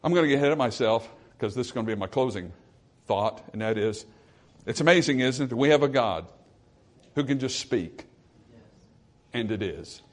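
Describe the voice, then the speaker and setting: A male pastor preaching a sermon, swinging from forceful emphasis to hushed, quiet lines. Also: medium pitch, a little fast.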